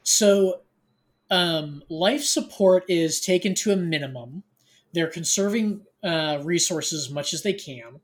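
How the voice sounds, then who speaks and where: A man co-hosts a podcast, talking through a novel's plot in a loose, filler-heavy way. His voice sits a little high, and he teases his co-host with a dry wit. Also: slow pace. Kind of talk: casual chat recapping a novel.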